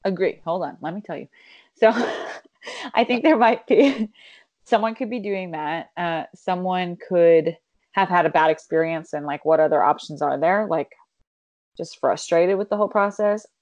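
Thoughtful woman in her 30s, kinda low voice, dry sound, swears casually while explaining stuff. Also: unhurried, darkish tone, no room sound, muffled recording. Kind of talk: casual chat.

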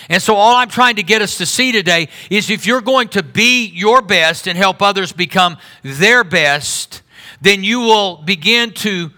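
Man, middle-aged pastor, high voice, very bright and sharp tone, conversational preaching, sudden swings in volume. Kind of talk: sermon.

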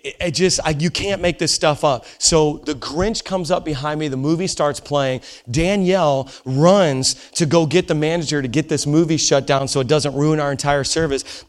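A man preaching as a pastor to a live congregation, telling stories in an animated way and acting out quotes. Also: a little high. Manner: animated storytelling with laughs and acted-out quotes. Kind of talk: sermon. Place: church service with a live audience.

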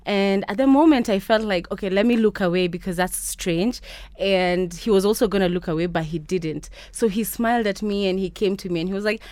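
Young woman, from kenya, radio interview guest, animated storyteller, dry close sound. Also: mid-range voice, fairly quick, no room sound. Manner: chatty, animated storytelling with quoted voices. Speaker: podcast host and interview guest. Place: radio studio.

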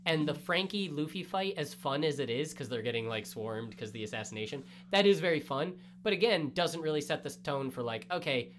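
Animated man in a casual review chat. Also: on the high side, a little hiss or hum. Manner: animated, quick asides and acted quotes. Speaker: podcast co-host.

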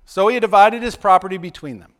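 A man's voice: high voice, brisk, a little hiss or hum. A male pastor preaching in a conversational way, often checking in with "right?" and playfully acting out quotes. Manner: conversational, keeps asking "right?", acts out quotes with playful voices. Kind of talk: sermon.

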